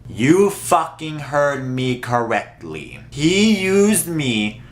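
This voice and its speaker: A young man telling a storytime vlog in a blunt, sassy, profane way, with big jumps in pitch. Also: very animated, very slow, echoey room. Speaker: vlogger.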